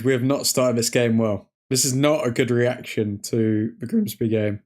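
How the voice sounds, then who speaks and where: A man hosting a live football watchalong, reacting to each chance with loud excitement and grumbling at the referee. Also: medium pitch. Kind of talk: live match commentary.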